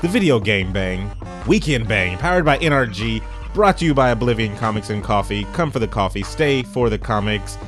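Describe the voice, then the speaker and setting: Male podcast host, lowish voice, loose and jokey, rambles with mock-boastful asides, faint music bed. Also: lively intonation, moderate pace, fairly bright tone. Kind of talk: casual podcast banter.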